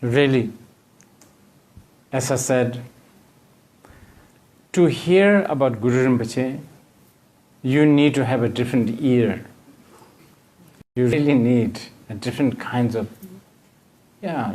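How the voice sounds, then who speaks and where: Man, Bhutanese accent, Buddhist teacher, dharma talk, very slow, hesitant fillers, mid pitch. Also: a little mellow. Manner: halting, hesitant phrasing with frequent fillers.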